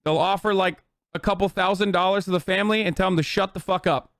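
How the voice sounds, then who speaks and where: A man's voice: high-pitched, fairly even intonation, quick pace, creaky, fairly bright tone, no echo. A man streaming political commentary, ranting to his live chat in a heated, profane way.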